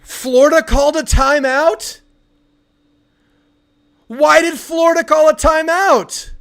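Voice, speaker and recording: A young man hosting a live football watch party, reacting excitedly and ranting with frustration. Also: very high voice, slow, creaky. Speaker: sports channel host.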